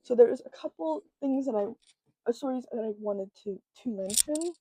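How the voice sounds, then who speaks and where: Mellow-voiced woman, emotional book vlog. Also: fairly high pitch, expressive, slight background noise, low-quality recording. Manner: emotional, halting, many fillers. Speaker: book vlogger. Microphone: own microphone close up.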